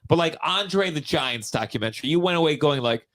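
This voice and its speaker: A man's voice: on the high side, brisk. Male comedian telling stories. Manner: storytelling, animated anecdotes. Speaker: guest comedian. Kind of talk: casual comedy chat.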